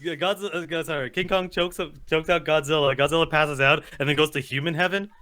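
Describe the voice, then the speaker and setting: A man co-hosting a podcast, talking quickly and laughing through casual banter. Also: fairly high pitch, steady tone, sharp tone. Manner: rapid, laughing, profane. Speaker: podcast co-host.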